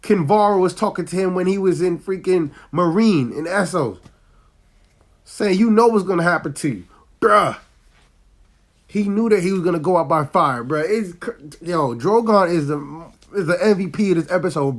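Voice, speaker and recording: A man recapping and reviewing a TV episode in casual, slangy talk, excitable and loud when hyped, sounding a bit sick with a cough now and then. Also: sits high, a little slow.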